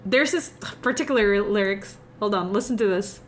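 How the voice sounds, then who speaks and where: Young woman streamer, Indonesian accent, mid-pitched, rambling and confiding with her viewers, faint room hum behind. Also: moderate pace. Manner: meandering, confiding, chatty with viewers. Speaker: livestreamer. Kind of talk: casual live-stream chat.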